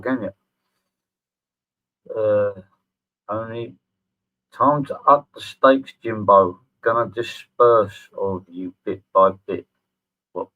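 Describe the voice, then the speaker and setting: A middle-aged man, hosting a sarcastic response video, sneering and swearing freely. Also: lowish voice. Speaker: channel host. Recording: tinny phone-like audio.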